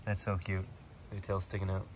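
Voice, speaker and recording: A man with a fairly low voice vlogs from an animal sanctuary, switching between easy chat with viewers and gentle, doting talk to the animals. A faint hiss sits under the recording. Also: monotone, moderate pace. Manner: coos affectionately at animals, chatty asides to viewers. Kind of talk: casual vlog while feeding animals.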